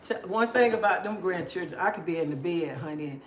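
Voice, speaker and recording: An older woman, chatting casually on a livestream and telling animated stories with quoted dialogue. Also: lowish voice, a little fast, echoey room, background noise. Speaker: livestream host. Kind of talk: casual chat.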